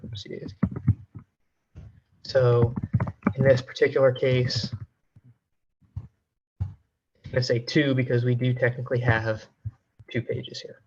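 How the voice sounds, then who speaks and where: A man presenting a coding demo over a video call in a relaxed, casual way, with many fillers. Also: medium pitch, muffled recording. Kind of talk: casual technical walkthrough.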